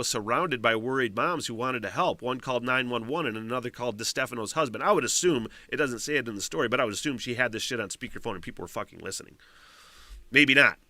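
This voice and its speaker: A man's voice: medium pitch, sharp tone, dry recording. A middle-aged man hosting his own podcast, chatting casually, swearing freely and reading a news story aloud with rambling asides. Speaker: podcast host. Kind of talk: casual solo podcast chat.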